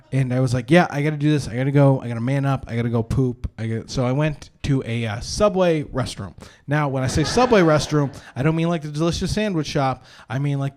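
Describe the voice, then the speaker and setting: A man's voice: medium pitch, darkish tone. A young man doing live stand-up comedy at a brewery show, telling rambling self-deprecating stories with lots of "uh" and restarts.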